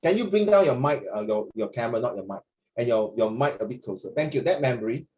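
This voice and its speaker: A man's voice: medium pitch, animated, fast talker, a little mellow. A man with a Singaporean accent, tutoring a class over a video call, chatty and mixing in Mandarin. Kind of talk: online class feedback. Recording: echoey room.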